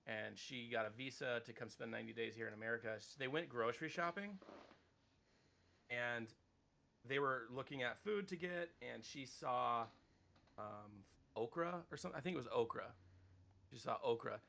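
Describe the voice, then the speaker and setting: A man in his thirties talks loosely on a podcast, with a gravelly, bright voice that carries his rambling stories. He swears offhandedly and keeps it animated. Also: medium pitch, moderate pace. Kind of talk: casual podcast chat.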